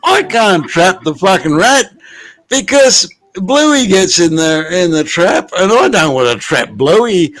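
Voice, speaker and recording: A man with a notably high voice spins a slow, meandering tale, restarting his sentences and swearing freely as he goes. He talks casually from his desk at home, in an easy, unhurried chat. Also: sing-song, fairly bright tone, faint music behind. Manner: rambling, profane storytelling.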